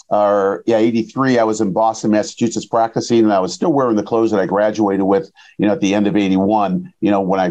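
A man's voice: on the low side, darkish tone. A man in his sixties hosting a casual interview, telling stories and often tagging them with "right?". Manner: storytelling, frequent tag questions. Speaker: podcast host and chiropractor.

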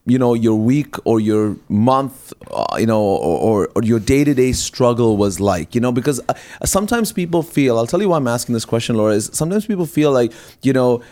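A man, a pastor hosting a faith talk show, asking long wandering questions and talking through ideas with a gentle, pastoral tone. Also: medium pitch, big pitch swings, brisk. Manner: rambling, restarts questions, many fillers. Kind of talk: conversational interview on faith.

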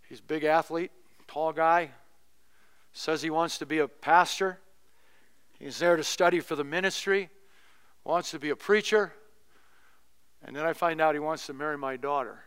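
Middle-aged pastor guy preaching, high smooth voice, chatty funny storytelling. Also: measured pace, long pauses, a bit bright. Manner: conversational storytelling with humor. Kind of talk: sermon.

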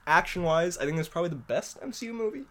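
A man's voice: fairly high pitch, animated, fast talker, fairly bright tone. A young man hosting a podcast in casual chat, rambling, laughing often and poking fun at himself. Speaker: podcast host.

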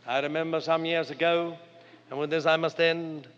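Older male preacher with a fairly high voice; dramatic, earnest sermon delivery; dull lo-fi hall recording. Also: steady tone, moderate pace, smooth. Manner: earnest, dramatic storytelling with wide swings of pitch and loudness. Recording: long hall reverb, dull lo-fi sound.

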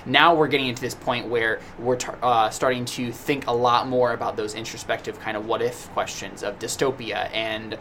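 A man in a loose podcast chat, with a bright, forceful tone. He thinks out loud and circles back through his points. A faint hum of fan noise sits behind him. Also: medium pitch, fairly even intonation, moderate pace, few pauses. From United States. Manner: talkative, thinks aloud with many restarts. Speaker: podcast co-host. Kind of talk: casual podcast discussion. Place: small indoor room with a noisy fan.

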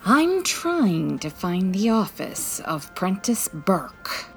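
A woman's voice: mid-range voice, very animated, takes it slowly, faint music behind. A woman playing a confident, breezy female private detective in 1940s radio style, arch and theatrical.

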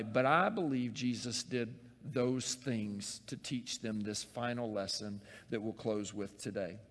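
A man preaching a sermon, acting out Bible scenes in voices and swinging from loud calls to hushed, close words. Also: mid-range voice, long reverb tail. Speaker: pastor.

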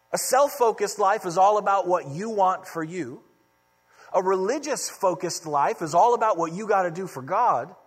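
A man's voice: high-pitched, breathy edge. A male pastor preaching a sermon in a conversational, storytelling way. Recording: long reverb of a large hall.

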